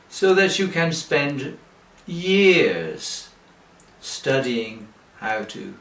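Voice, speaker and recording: Slow-spoken man, roomy distant sound. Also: medium pitch, very animated, a bit bright. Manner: slow, deliberate, with rhetorical questions. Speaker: English teacher. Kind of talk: direct-to-camera sales pitch. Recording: roomy, from away from the mic.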